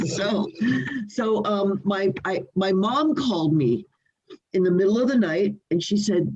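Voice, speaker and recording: An older woman, a singer and interview guest, telling animated stories from her home over a video call, laughing often and restarting her sentences. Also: mid-range voice, measured pace, husky, highs cut off. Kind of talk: storytelling in a remote interview.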